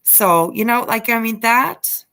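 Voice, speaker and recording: A woman hosting a relaxed late-night livestream chat, reading a news article aloud and stopping to greet viewers by name. She gets worked up and swears freely, and her speech is full of fillers, restarts and trailing asides. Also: on the high side, unhurried. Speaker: livestream host.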